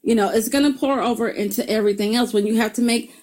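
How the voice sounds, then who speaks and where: A middle-aged woman giving a motivational talk, telling stories in a lively way, laughing often and calling her viewers y'all. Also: on the high side, quick pace. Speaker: self-help video host.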